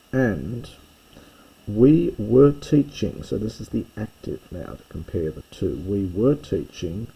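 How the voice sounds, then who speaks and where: A man teaches a language lesson at a deliberate, unhurried pace, working through each phrase and thinking aloud. His voice is low, gravelly and very dark, with a husky edge. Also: poor audio. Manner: slow, explanatory, thinking aloud. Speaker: Greek teacher. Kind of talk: recorded lesson walkthrough.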